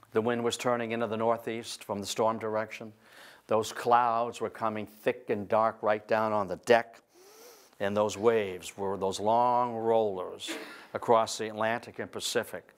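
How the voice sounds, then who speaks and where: A man lecturing on history to an audience, telling it as a lively, digressive story. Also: on the low side, measured pace. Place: library event room.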